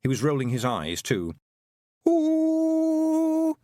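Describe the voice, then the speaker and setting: A man narrating an audiobook with expressive storytelling. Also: medium pitch, normal speed, no room sound, clean studio sound. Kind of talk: scripted narration.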